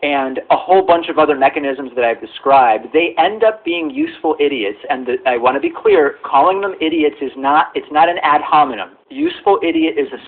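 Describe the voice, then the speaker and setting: Measured man, tinny audio. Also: a little high, expressive. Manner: careful, hedging, deliberate. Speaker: political show host. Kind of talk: measured political commentary. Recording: phone-like narrow audio clip.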